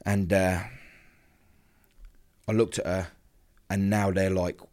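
A man's voice: sits low, level tone, slow pace, darkish tone. A man, a podcast guest telling an emotional personal story and acting out the other people's lines as he goes. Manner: vivid storyteller who acts out quoted dialogue.

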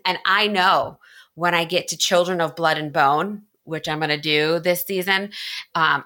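A woman's voice: sits low, sharp tone. A woman co-hosting a podcast, chatting enthusiastically about books with frequent giggles. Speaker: podcast co-host. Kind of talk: casual book discussion.

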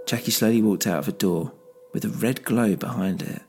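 A man narrating a story in the first person, measured and low-key. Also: a little mellow, faint music behind. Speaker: narrator and host.

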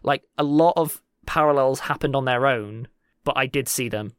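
A man co-hosting a casual podcast Q&A, animated and teasing, quick to laugh. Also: medium pitch, smooth, dry recording, studio quality. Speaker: podcast co-host.

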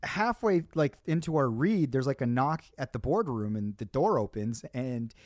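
A man's voice: mid-range voice, expressive, moderate pace, no room sound, clean studio sound. Inquisitive man co-hosting a podcast. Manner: curious, asks questions. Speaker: podcast co-host. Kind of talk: casual chat.

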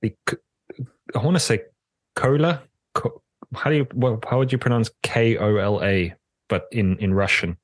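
A man's voice: fairly low pitch, normal speed, no echo. A man co-hosting a podcast in casual chat, talking hesitantly with many ums and restarts. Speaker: podcast co-host.

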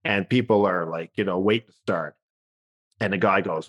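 A man's voice: deep voice, moderate pace. A man from Newfoundland, a comedian guest, telling a story in a casual chat and acting out the voices. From Newfoundland, Canada. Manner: animated anecdote telling, acts out voices.

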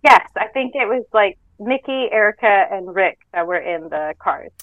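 A woman's voice: mid-range voice, animated, moderate pace, no echo. A woman from Canada, a reality show contestant, chatting casually in a podcast interview, rambling and laughing often. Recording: dull lo-fi call audio.

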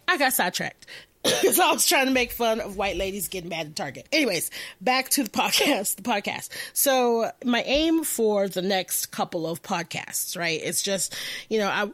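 A woman hosting a podcast, talking in a profane, animated and rambling way, often laughing and correcting herself. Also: medium pitch, no room sound. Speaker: podcast host. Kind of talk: casual podcast monologue.

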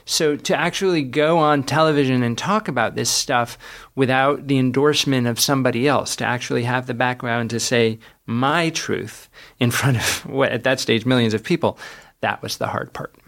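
A man's voice: medium pitch, moderate pace, fairly bright tone. A man, a guest author, reflecting on his experiences in an earnest conversational way, often restarting sentences and laughing as he tells stories.

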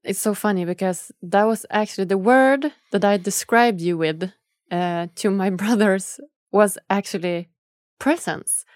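A woman's voice: medium pitch, measured pace, no room sound, clean studio sound. A woman hosting a podcast in casual interview chat, talking earnestly and emotionally, with many fillers. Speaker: podcast host.

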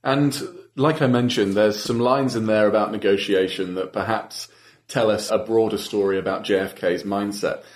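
Low-voiced man hosting an interview. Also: fairly even intonation, normal speed. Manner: prompting, attentive. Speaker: podcast host. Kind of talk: interview questions. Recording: roomy echoey room.

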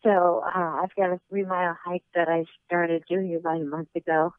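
A woman's voice: on the low side, level tone, moderate pace, no room sound. Breathless woman on a tinny phone line. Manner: chatty, laughs easily, storytelling. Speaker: guest. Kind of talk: casual phone interview.

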